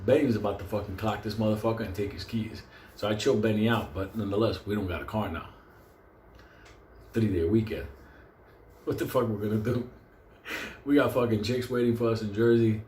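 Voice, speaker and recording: A man's voice: fairly low pitch, brisk, pauses often, a little mellow, slight background noise. A middle-aged man tells a rowdy story, swearing constantly and laughing mid-sentence. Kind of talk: casual anecdote. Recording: roomy echo with faint ambience.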